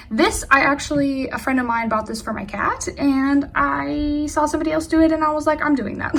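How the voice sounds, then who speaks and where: A woman's voice: on the high side, a little hiss or hum. A young woman giving a casual room tour of her collection at home, bubbly and gushing, laughing often. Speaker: vlogger showing her collection.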